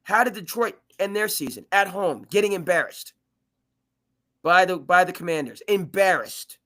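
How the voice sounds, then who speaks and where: Sports talk host, male, high and bright voice, animated debater who restarts his sentences a lot. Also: normal speed. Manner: animated, restarts and stammers often. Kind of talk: live sports debate chat.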